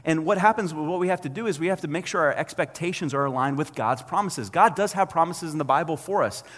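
Fairly high-voiced male pastor, lively sermon. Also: long reverb tail. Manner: conversational, animated storytelling with acted quotes.

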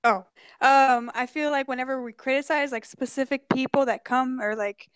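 A woman's voice: high voice, steady tone, moderate pace, smooth, no room sound. A woman calling in to a live show, hesitant and restarting her sentences. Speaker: caller.

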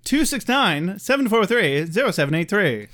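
A man co-hosting a podcast in casual chat, joking and rambling through quick recaps. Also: sits high, very animated, fairly bright tone. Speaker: podcast co-host.

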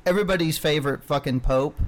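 A man co-hosting a podcast in casual banter, excitable and jokey, now and then breaking into shouts. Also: a little high, quick pace. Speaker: podcast co-host.

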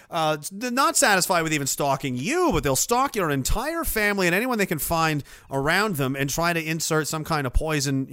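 A sarcastic man from Canada rambles through a casual stream chat, breaking into laughs as he reads out donations. His tone is bright and forceful and sits a bit high for a man. The sound is dry and close, with little room to it. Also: clean tone, dry recording. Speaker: livestream host reading viewer donations. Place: indoors.

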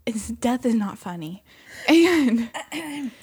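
A woman's voice: a little high, slow pace, husky. A woman chatting casually, telling stories with lots of laughter and acted-out quotes. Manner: animated storyteller, laughs often, acts out quotes. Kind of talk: casual chat.

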